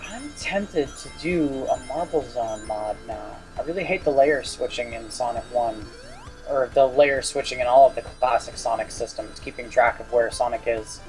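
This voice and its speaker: A man's voice: medium pitch, normal speed. A young man joins the commentary over a voice call, chatty and easy to laugh, spinning out long explanations. Faint game music plays beneath his voice. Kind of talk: casual gaming commentary.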